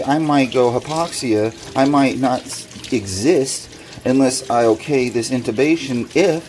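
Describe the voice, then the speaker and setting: Agitated man venting over running water. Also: fairly low pitch. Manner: agitated, rising loud when recounting arguments. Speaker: vlogger. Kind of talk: casual vlog monologue. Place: home kitchen at a sink, washing dishes. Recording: noisy room with running water. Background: running water and dish washing.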